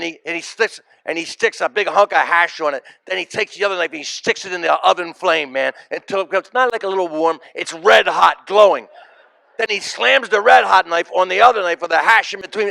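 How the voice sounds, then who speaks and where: Gravelly high-voiced man telling stories. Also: pushed and bright, no echo. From United States. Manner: emphatic, repeats key phrases for punch. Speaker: comedian giving a memorial tribute. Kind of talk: stand-up storytelling at a memorial. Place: live event before an audience.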